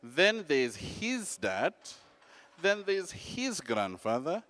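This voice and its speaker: A man telling a personal story in an animated, dramatic, self-mocking way. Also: a little high, very slow, dry recording.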